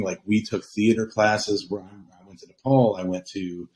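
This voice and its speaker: A man's voice: fairly low pitch, brisk, darkish tone, poor audio. A man speaking as a guest on a casual interview, reflective and self-deprecating, laughing at himself. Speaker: guest, comedian and actor.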